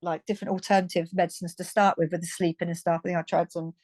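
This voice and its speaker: A British woman in her fifties, appearing as a guest, tells her story frankly and chattily, often restarting and laughing lightly. Her voice is lowish, level, and somewhat dark, she talks fast, and there's no room sound.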